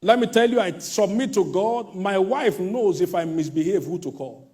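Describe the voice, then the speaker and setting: A male pastor delivering an emphatic sermon, swinging between shouted warnings and hushed asides. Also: high voice, moderate pace.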